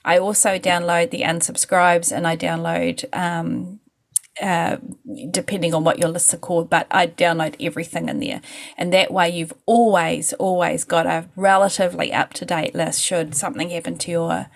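A woman's voice: lowish voice, little pitch movement, moderate pace, gravelly. A woman co-hosting a podcast, giving firm, practical, step-by-step advice in casual chat. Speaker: podcast co-host.

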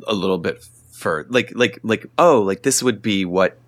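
A man guesting on a podcast as an author, talking in an animated, rambling way with lots of fillers and laughter. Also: lowish voice, moderate pace. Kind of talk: casual podcast chat.

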